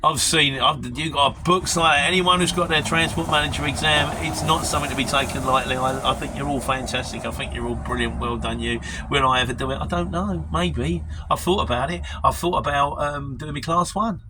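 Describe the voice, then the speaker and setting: A man's voice: fairly high pitch, brisk, hardly any pauses, background noise. A middle-aged man with a London Mockney accent, chatting casually and self-deprecatingly as he answers viewer questions on his vlog. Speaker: lorry driver vlogger.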